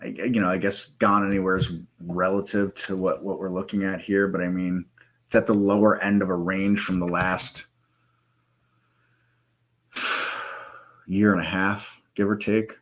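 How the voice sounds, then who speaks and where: A man hosting a live trading stream, walking through software in a loose, rambling way with many fillers and self-corrections, and hiccups now and then. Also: low-pitched, little pitch movement, a little slow, long pauses. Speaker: live trading room host.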